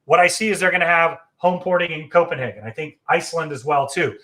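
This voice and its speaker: A man's voice: a little high, fast, fairly bright tone. A man hosting a casual travel live stream, chatty and enthusiastic, with frequent fillers and self-corrections. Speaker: travel agency host.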